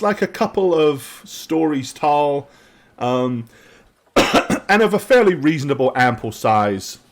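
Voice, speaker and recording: A man narrating a tabletop game as game master, rambling through scene descriptions with lots of ums. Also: a little high.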